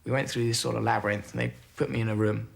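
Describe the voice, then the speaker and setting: A man, a former military airman, recalling events haltingly in a documentary interview, with many pauses and fillers. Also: mid-range voice, steady tone, creaky, a little hiss or hum.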